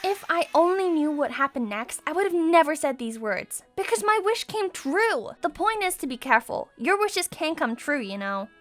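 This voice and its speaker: A young woman narrating her own animated story with a dramatic, exclamatory and sarcastic delivery. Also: sits high, normal speed, hardly any pauses.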